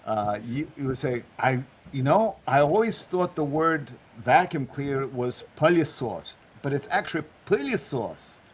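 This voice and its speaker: A man's voice: medium pitch, lively intonation, normal speed, hardly any pauses, husky. A man interviewing a guest, hesitant and full of fillers and false starts. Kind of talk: casual interview.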